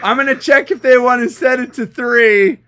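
A man's voice: very high-pitched, fairly even intonation, normal speed, pushed and bright. A man casually commentating online card game duels as host, amused and often breaking into laughter while chatting to viewers. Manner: giggly, keeps breaking into laughter.

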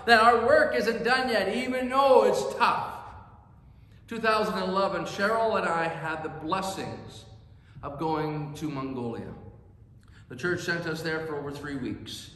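A man preaches from the pulpit, telling his story with earnest emphasis. His voice sits fairly high for a man. The sound rings out through a reverberant church hall. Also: a bit bright. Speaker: pastor. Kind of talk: sermon storytelling. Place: church sanctuary.

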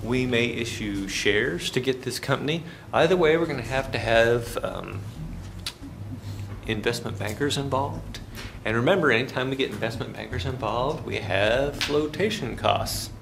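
Lively middle-aged male finance lecturer. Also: medium pitch, normal speed, creaky, slight background noise. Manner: lively, folksy storytelling with sound effects. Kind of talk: classroom lecture.

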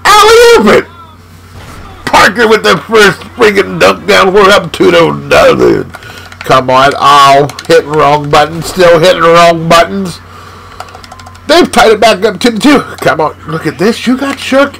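Guy yelling at his basketball game on his channel, high gravelly voice, jumps all over the place. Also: expressive, unhurried, slight background noise, rough recording. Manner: loud, hyped, yelling at the game. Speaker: gaming channel host. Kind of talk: excited live gameplay commentary. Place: home gaming room.

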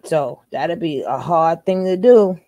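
A woman's voice: fairly low pitch, expressive, slow, warm tone, dry recording. A woman co-hosting a casual reaction chat, talking things over with lots of questions. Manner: chatty, questioning. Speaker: co-host.

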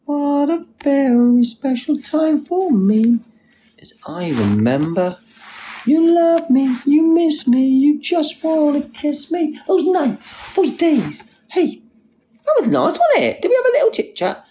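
A man's voice: very high voice, huge pitch swings, slow pace, mellow, pitched above the performer's own voice, exaggerated voice. A man voicing a gushing, flirty admirer in a teasing sing-song, over muffled phone audio with faint hiss. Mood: swooning.

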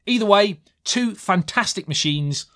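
A man's voice: high-pitched, expressive, measured pace, bright, forceful tone. A young man giving a chatty, self-mocking tech review to camera, with jokey asides.

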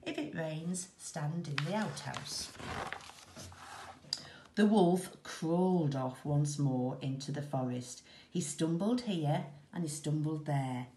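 A woman teacher reading a children's story aloud in a slow, expressive, rhythmic way. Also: low voice. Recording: echoey room.

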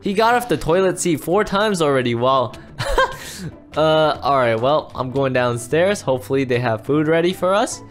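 An excitable man leading a comedic Minecraft roleplay, his voice sitting a little high and leaping all over the place. He exclaims and yells readily, with faint music playing underneath. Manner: excitable, quick to exclaim and yell. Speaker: roleplay series creator and lead player.

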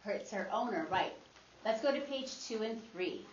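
A woman teacher speaks at an even, mid-range pitch, leading a guided reading lesson with patient encouragement. Her voice carries through a roomy classroom. The recording is slightly dull, with faint background noise. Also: moderate pace. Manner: encouraging and patient, modeling expression aloud.

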